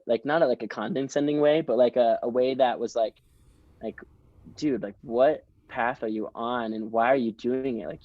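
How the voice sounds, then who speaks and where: A young man with a fairly low voice tells stories eagerly and casually, as a podcast guest. The sound is dry and close, with a dull, slightly lo-fi tone. His delivery is chatty and enthusiastic. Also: creaky, mellow, dry recording. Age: young adult. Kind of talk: casual storytelling interview.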